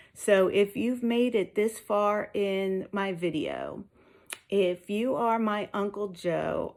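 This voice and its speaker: A woman's voice: lowish voice, a little mellow. A woman giving a candid personal update to her viewers, mildly out of breath and tired, with frequent ums. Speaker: vlogger sharing a health update.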